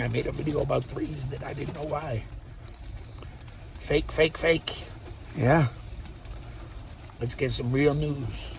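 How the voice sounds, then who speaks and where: A man's voice: medium pitch, vocal fry, fairly bright tone, slight background noise. An older man rambling and swearing in a casual monologue, laughing to himself as he talks in his car. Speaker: vlogger.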